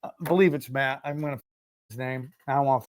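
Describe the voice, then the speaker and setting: A man hosting a podcast, telling a comedic story with animated, profane delivery. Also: mid-range voice, fast. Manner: animated, swears freely, acts out quotes. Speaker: podcast host.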